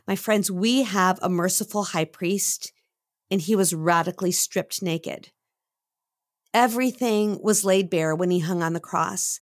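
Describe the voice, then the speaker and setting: A woman co-hosting a podcast, giving earnest devotional teaching and slowing down for emphasis. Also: lowish voice, dry recording, clean studio sound. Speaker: podcast co-host.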